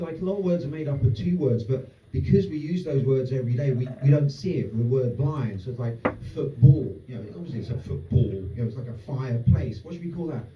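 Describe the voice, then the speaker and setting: A man doing a stand-up comedy set to a live audience, sarcastic and sweary with rambling asides. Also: mid-range voice. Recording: roomy distant dull club recording.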